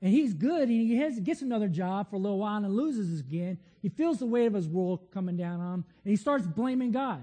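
A man's voice: high-pitched, lively intonation, a little fast, hardly any pauses, mellow, big-room sound. A man preaching a sermon in a conversational, storytelling way with frequent restarts.

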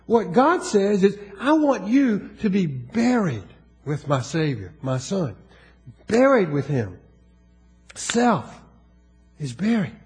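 High-voiced Southern preacher man. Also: big pitch swings, takes it slowly, long pauses, faint music behind. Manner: folksy, joking asides, rises in emphasis. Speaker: pastor. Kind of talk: sermon.

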